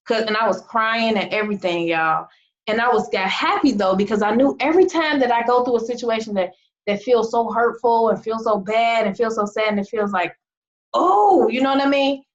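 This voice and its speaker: A woman's voice: medium pitch, lo-fi sound. A woman coaching her team in an emphatic, fired-up motivational talk full of rhetorical questions. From United States. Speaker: team leader and business coach. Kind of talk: motivational talk to an online group.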